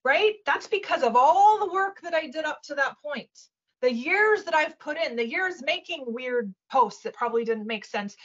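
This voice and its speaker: A woman coaching casually in a webinar, animated, acting out little voices and often asking "right?". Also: high voice, breathy edge, lo-fi sound. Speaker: webinar guest speaker.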